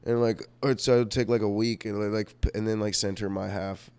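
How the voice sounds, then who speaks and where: Rambling, profane young man with a smooth voice. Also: lowish voice, steady tone, moderate pace, a little mellow. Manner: rambling and profane, with lots of fillers and self-mocking asides. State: sick. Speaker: vlogger. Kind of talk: rambling personal vlog storytelling.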